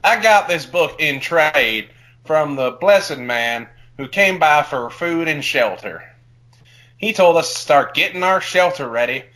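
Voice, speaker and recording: A man's voice: a little high, sing-song, normal speed, hardly any pauses, pushed and bright, poor audio. A man voicing a rustic male farmer reading his own diary in a thick folksy dialect with broken grammar. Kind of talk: comedic dramatic reading.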